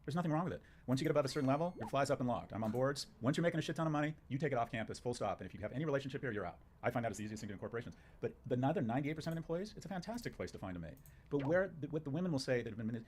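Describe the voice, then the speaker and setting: A man's voice: mid-range voice, animated, rapid-fire, a little mellow. A man talks at a breakneck pace, firing off short, punchy statements as a guest on a talk show. His delivery is emphatic and opinionated. Faint background noise runs beneath his voice. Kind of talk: opinionated conversation.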